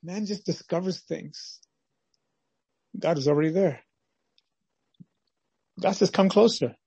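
Male preacher, husky and fairly high, dry close recording, dramatic storyteller. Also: slow, mellow, no echo. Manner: dramatic storytelling, acts out scenes. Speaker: pastor. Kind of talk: devotional sermon.

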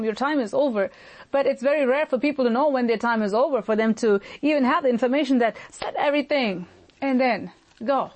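A woman's voice: fairly high pitch, darkish tone. Earnest woman pastor preaching. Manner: earnest, emphatic, shifts pace often. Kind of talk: sermon.

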